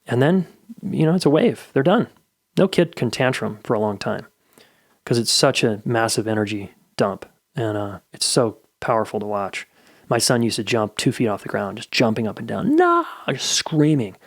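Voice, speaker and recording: A man's voice: mid-range voice, normal speed, no room sound, clean studio sound. A middle-aged man hosting a podcast, giving candid, blunt advice in a casual solo monologue and swearing freely. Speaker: podcast host.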